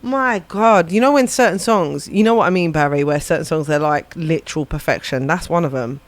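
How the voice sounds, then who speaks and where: A woman's voice: low voice, brisk, dry recording. A woman, a livestreaming musician, chatting casually and reflectively, rambling and swearing now and then. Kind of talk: casual chat on a live stream.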